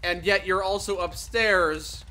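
A man's voice: high voice, steady tone, slow pace, sharp tone. A man playing along in jokey chat while gaming with a friend. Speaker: co-player. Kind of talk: casual gameplay banter.

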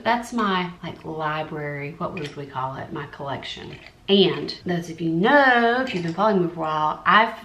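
A woman's voice: on the low side, fairly bright tone. A woman, an art YouTuber, chatting casually through a supply haul and muttering asides to herself. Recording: echoey room, faint noise.

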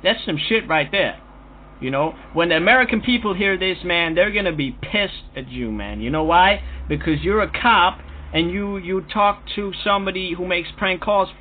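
A man's voice: sits high, moderate pace. A man making a prank phone call, talking in a brash, taunting, profane way. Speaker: prank caller. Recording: tinny phone line with faint noise.

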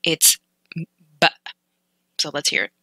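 A woman's voice: takes it slowly, sharp tone, no echo, rough recording. A woman learner casually explaining vocabulary from clips, thinking aloud with hesitant restarts and corrections. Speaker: language learner teaching vocabulary.

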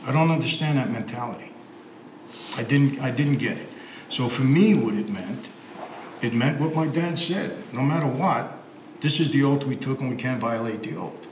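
A man giving an earnest, measured personal account as an interview guest. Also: medium pitch. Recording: echoey room with faint noise.

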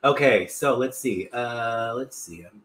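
A man's voice: mid-range voice, measured pace, a bit bright, echoey room. A middle-aged man hosting a live cooking stream from his home kitchen, upbeat and chatty, reading viewer comments aloud. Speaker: cooking show host.

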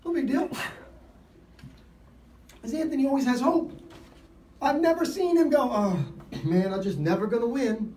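A man giving an informal sermon, telling stories in an animated way and laughing often. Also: extremely high pitch, normal speed, reverberant, distant mic, slight background noise, poor audio. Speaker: lay preacher. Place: event gathering.

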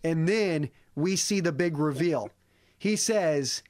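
A man with a bright, fairly high voice hosts a casual movie review podcast. He recaps the plot in an animated way and slips into the characters' lines as he goes. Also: normal speed. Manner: animated storyteller who acts out characters' lines. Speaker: podcast host.

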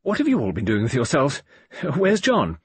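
A man reading an audiobook voices a nervous, animated lady who chatters quickly. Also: mid-range voice, breathy edge, pitched above the performer's own voice, heavily acted.

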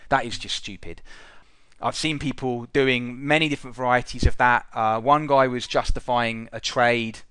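A man's voice: mid-range voice, a bit bright, no echo. Brief: man, middle-aged, swears freely, mocks trader mistakes, dry close mic. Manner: profane, exasperated, mocking. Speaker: trading educator. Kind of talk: blunt trading commentary over charts.

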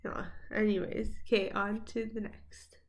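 Slow-talking giggly young woman. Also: mid-range voice, flat delivery. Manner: giggly, chatty, talks back to the clips. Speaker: video host reacting to clips. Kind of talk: casual reaction commentary.

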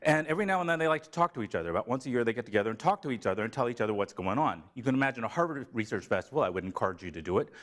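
A man from Tennessee giving a seminar talk in a lively, joking way. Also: mid-range voice, very fast, few pauses. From Tennessee, USA. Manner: animated, joking, slips into a put-on Southern drawl for a gag. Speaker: seminar speaker. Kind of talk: lively academic lecture. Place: lecture room.

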